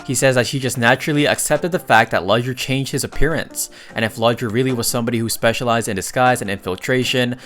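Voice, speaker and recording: A man's voice: mid-range voice, fast, hardly any pauses, fairly bright tone, soft background music. Chatty man recapping with jokey asides. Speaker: recap narrator. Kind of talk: casual comic recap narration.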